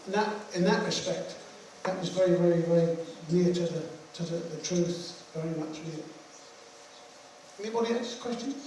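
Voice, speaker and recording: A man's voice: high voice, moderate pace, warm tone, slight background noise. An older man, a veteran musician, answering audience questions after a film screening in a joking, blunt, rambling way. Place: screening hall. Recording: echoey hall from far off.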